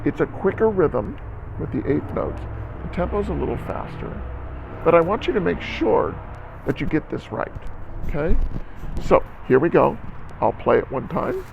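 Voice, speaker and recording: A man's voice: a little high, sing-song, moderate pace, vocal fry, highs cut off, background noise. A man teaching a band lesson on video, counting aloud and coaching students, often checking in with "okay?". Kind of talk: instructional music lesson video.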